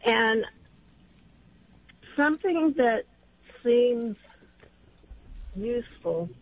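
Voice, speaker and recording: A woman's voice: on the high side, expressive, extremely slow. A woman in her seventies who calls in to a talk show and speaks in an earnest, reflective way. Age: 70s. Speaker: caller. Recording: muffled phone line with faint hum.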